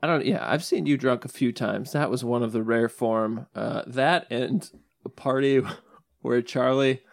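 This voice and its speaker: A man's voice: medium pitch, a little slow, gravelly, dry recording, studio quality. A young man in casual podcast chat, tossing off wry jokes. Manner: wry, joking asides. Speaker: podcast co-host.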